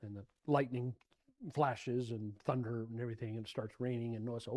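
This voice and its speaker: A man teaching an informal Bible class in a church, rambling and animated, often repeating himself and sounding exasperated. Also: medium pitch, moderate pace.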